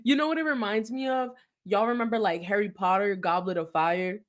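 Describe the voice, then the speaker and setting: A woman co-hosting a casual reality TV recap, chatting in quick back-and-forth. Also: medium pitch, fairly even intonation. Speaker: podcast co-host.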